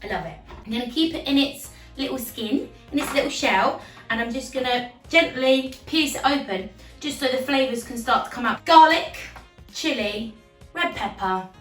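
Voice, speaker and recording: A woman's voice: on the high side, fairly bright tone, echoey room, distant mic. An English woman hosting a casual home cooking video, chatty and jokey, talking through each step in her kitchen. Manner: chatty, jokey, breaks into silly singing.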